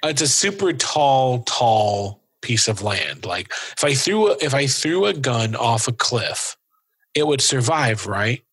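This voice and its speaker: A man's voice: mid-range voice, very animated, slow pace, fairly bright tone, slightly rough. A man hosting a podcast, telling stories in casual chat, swearing and laughing often. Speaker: podcast host.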